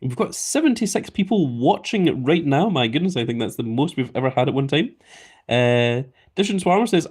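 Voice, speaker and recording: A man's voice: fairly high pitch, lively intonation, a little fast, darkish tone. A Scottish man live streaming in a casual way, reading viewer comments aloud and chatting back. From Scotland.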